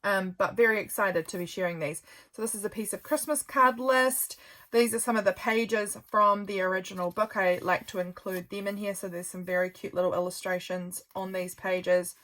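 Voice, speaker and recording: This woman's voice is medium in pitch, steady in tone and moderate in pace. A journal maker from New Zealand, she chats about her craft while showing it, gushing and softly rambling despite being tired and yawning.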